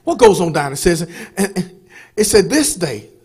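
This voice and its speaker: A pastor with a high, slightly rough voice delivers a fiery sermon at a moderate pace in a church sanctuary. He shouts and chants, calling out to the congregation and trading call-and-response lines with them.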